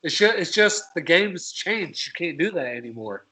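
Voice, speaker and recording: Bright-voiced man arguing sports. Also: a little high, expressive, normal speed, rough recording. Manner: earnest, self-correcting arguer. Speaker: podcast co-host. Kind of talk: casual sports talk.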